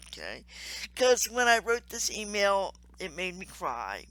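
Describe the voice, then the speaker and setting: A woman hosting her own channel, speaking earnestly and warmly to camera, with frequent ums and soft laughs. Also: medium pitch, big pitch swings, measured pace, rough recording. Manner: earnest, heartfelt, with many ums and gentle laughs. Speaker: crafts channel host and Salvation Army volunteer. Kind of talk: casual to-camera appeal.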